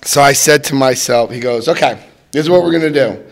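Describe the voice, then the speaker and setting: A brisk man in his fifties tells an audience his personal recovery story. When he acts out quotes, his pitch and loudness jump suddenly.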